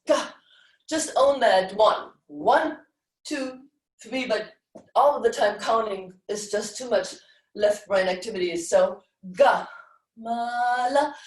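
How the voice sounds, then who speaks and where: A woman teaching a live-streamed dance class, giving slow guiding cues and chanting rhythm syllables. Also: a little high. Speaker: dance instructor. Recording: roomy echo, voice from far off the mic.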